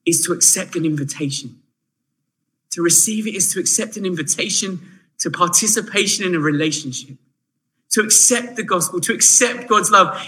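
Bright, high-voiced man preaching. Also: low-quality recording. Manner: animated, swings from hushed to emphatic. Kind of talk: sermon.

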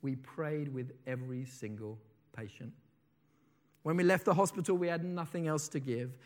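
A man preaching a sermon, swinging between loud declarations and soft, slowed phrases, and reading a testimony aloud with feeling. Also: on the high side.

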